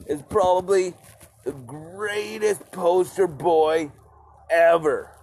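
A man's voice: high-pitched, slow, creaky, darkish tone, slight background noise. A man hosting a casual solo podcast outdoors, rambling and swearing freely as he talks to his listeners. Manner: rambling and profane, addresses listeners as "peoples". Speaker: podcast host.

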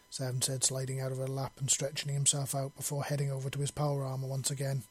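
A man narrating a story in a steady, even storytelling voice. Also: mid-range voice, quick pace, few pauses, slightly rough, no echo. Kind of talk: audiobook narration.

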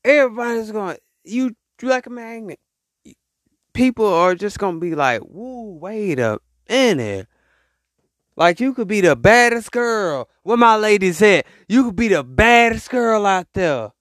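Animated high-voiced man rambling casually. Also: normal speed, dry recording, studio quality. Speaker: podcast host. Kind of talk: casual motivational monologue.

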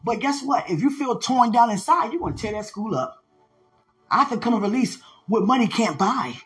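Excitable, laughing evangelist podcaster. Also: medium pitch. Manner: excitable, laughs often, repeats phrases; uses slang and street talk. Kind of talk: excited preaching testimony.

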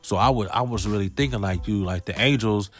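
A man's voice: on the low side, fairly quick, soft background music. A man comedian riffing through loose, rambling slangy jokes in a monologue vlog.

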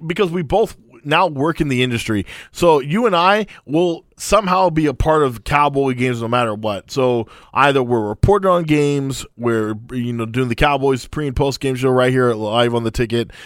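A man's voice: medium pitch, expressive, moderate pace, few pauses, no room sound, clean studio sound. A young man hosting a sports podcast, teasing his co-host and stretching out his lead-ins. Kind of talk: casual sports talk.

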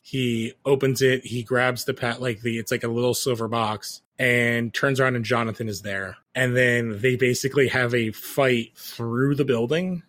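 A man's voice: medium pitch, a bit bright, no echo. A man co-hosting a podcast, casually retelling TV episodes in long rambling runs full of fillers. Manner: rambling recap full of "like" fillers, acting out quotes. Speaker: podcast co-host recapping a TV show. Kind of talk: casual chat.

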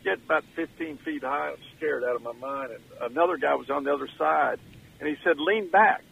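A man's voice: on the high side, fairly quick, creaky, breathy edge, narrow, tinny audio. An older man, calling in from his car as a radio guest and telling stories in a folksy, emotional way. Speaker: guest, former governor. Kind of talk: phone-in radio interview.

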